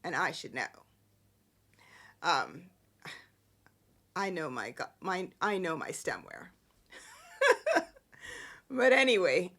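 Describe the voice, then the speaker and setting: A woman's voice: on the low side, a bit bright. A woman hosting a podcast, chatting casually and with amusement through a soap-opera recap full of rambling asides. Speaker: podcast host. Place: indoors at home.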